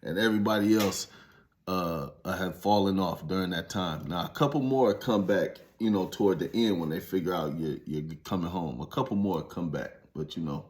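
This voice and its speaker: A man's voice: sits low, moderate pace. A former inmate telling his story in a casual, blunt, heavily profane monologue that rises to emphatic preaching.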